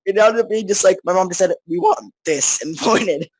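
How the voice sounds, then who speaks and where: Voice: medium pitch, fairly quick, darkish tone, no room sound, rough recording. Rambling teen chatting, dry close mic. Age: teens. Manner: rambling, many restarts and fillers. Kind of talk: casual chat.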